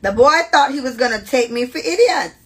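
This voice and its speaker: A woman's voice: high voice, animated, brisk, fairly bright tone, slightly rough. A woman co-hosting a casual podcast, blunt and profane as she reads out and reacts to listener stories. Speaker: podcast co-host.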